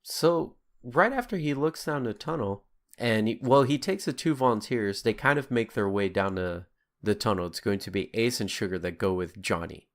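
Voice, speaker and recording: A man's voice: lowish voice, lively intonation, moderate pace. A man co-hosting a podcast, chatting in an easygoing way and chuckling often. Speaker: podcast co-host. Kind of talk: casual chat.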